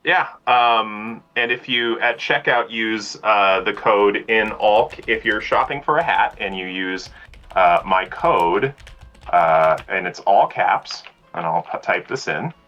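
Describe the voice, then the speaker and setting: A man's voice: on the low side, slow pace, sharp tone, highs cut off. A man guesting on a casual livestream, chatty and laughing easily, rambling through restarts. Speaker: guest speaker on mental health.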